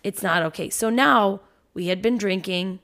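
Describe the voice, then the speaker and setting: A woman, a parent in her thirties, telling a story on a podcast in an animated, swearing, casual way. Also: medium pitch, normal speed. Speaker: podcast host.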